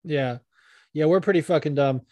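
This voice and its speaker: A man with a fairly high voice, co-hosting a casual podcast chat. He rants with excitable energy and swears often. The sound is dry and close, with no room echo. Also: moderate pace. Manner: profane, excitable ranting. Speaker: podcast co-host.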